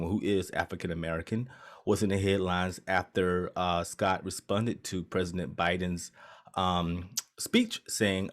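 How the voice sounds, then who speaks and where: A man co-hosting a podcast in casual chat, hesitant with many fillers and restarts, laughing often. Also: low voice. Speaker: podcast co-host.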